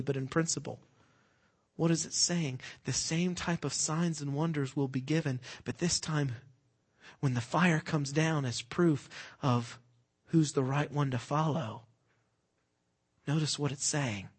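A man with a slightly rough, rather high voice preaches a sermon, quizzing the congregation with fill-in-the-blank questions. His delivery swings between hushed moments and loud, emphatic ones.

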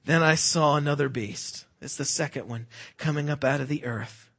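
A man with a fairly high-pitched voice delivers a sermon. He quizzes his listeners with fill-in-the-blank questions. He drops to a hush and then rises to loud, emphatic preaching. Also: moderate pace. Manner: swings between hushed and loud emphatic preaching.

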